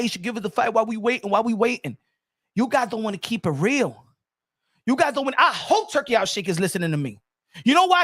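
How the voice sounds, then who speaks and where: Loud high-pitched ranting man. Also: dry recording, studio quality. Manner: loud, profane, switching into Spanish. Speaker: boxing commentator. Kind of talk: ranting boxing commentary.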